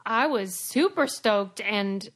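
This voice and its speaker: A woman's voice: medium pitch, lively intonation, slow pace, fairly bright tone. A young adult woman co-hosting a podcast, chatting candidly and laughing often. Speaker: podcast co-host. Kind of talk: casual chat.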